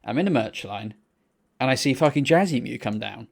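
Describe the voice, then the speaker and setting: A young man rambles through a story on a casual podcast. He swears freely and his pitch leaps up when he gets excited, over a mid-range, ordinary voice. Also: brisk, vocal fry. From England. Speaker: podcast co-host. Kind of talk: casual chat.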